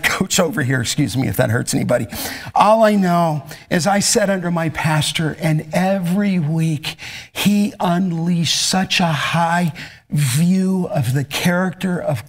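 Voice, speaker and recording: A middle-aged man preaching to students and taking their questions, in an intense, emphatic way. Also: fairly high pitch. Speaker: pastor.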